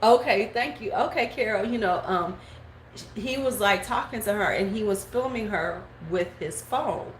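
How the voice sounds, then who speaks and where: A woman in her forties chatting casually on a live stream, telling gossip and greeting viewers by name, sometimes slipping into squeaky voices to quote people. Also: moderate pace. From United States. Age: 40s. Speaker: beauty vlogger. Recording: echoey room with faint background noise.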